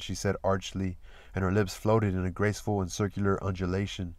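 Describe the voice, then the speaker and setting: A man reading a novel aloud as narrator, in a steady, measured storytelling manner. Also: low voice, no room sound. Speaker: audiobook reader.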